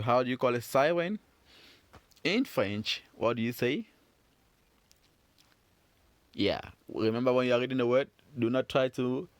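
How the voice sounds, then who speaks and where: A man teaching French phonics to children in a patient, encouraging way, repeating sounds slowly. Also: medium pitch, no room sound. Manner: slow, patient, encouraging, drawn-out repetitions.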